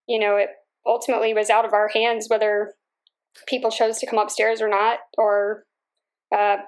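A young adult woman, a Marine officer, giving a measured, reflective interview answer with everyday fillers. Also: medium pitch.

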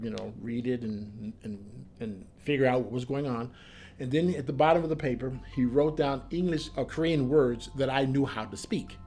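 An American man in a mid-pitched voice tells his army memories in an interview, lively and animated. He acts out the people he quotes and often restarts his sentences, with soft music under him. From United States. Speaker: former Army soldier and Korean linguist. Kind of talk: interview storytelling.

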